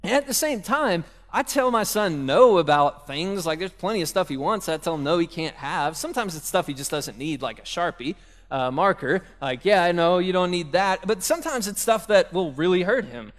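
Speaking at a moderate pace in a high, expressive and fairly bright voice, a young pastor delivers a relaxed sermon in a hall with long reverb. He shares stories from home in a conversational way and turns to address parents directly.

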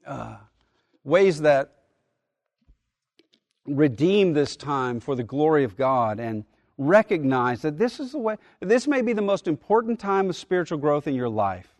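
A man's voice: a little high, sing-song, darkish tone, no echo. Man preaching a sermon, dry close sound. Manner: earnest preaching, slows and swells on key phrases. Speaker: pastor.

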